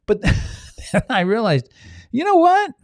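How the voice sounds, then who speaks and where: A man's voice: extremely high pitch, very animated, takes it slowly, dry recording, clean studio sound. A man hosting a motivational podcast. He talks earnestly with restarts and asides to listeners, and sometimes acts out inner voices. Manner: frequent restarts and audience asides. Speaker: podcast host, self-help speaker.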